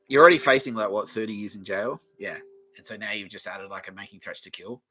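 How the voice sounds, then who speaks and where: Bright-voiced profane man ranting. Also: fairly low pitch, quick pace, faint music behind, low-quality recording. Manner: profane, rambling, swinging between loud outbursts and mutters. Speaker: podcast host. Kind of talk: rambling comedic monologue.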